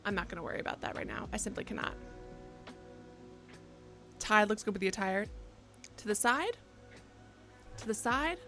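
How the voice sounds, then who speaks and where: A young woman streamer in her twenties chats to her audience in a rambling, self-mocking way, now and then breaking into loud excited bursts. Her pitch sits in the middle for a woman. Soft music plays faintly behind her. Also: moderate pace, long pauses. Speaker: game streamer. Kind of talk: casual live-stream chat. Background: faint background music.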